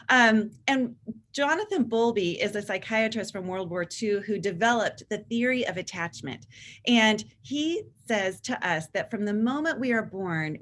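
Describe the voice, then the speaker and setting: A woman's voice: medium pitch, a little hiss or hum. Enthusiastic woman giving a parenting talk. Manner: warm, enthusiastic, acts out teen voices in quotes. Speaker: therapist and author giving a talk. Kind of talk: presentation to parents.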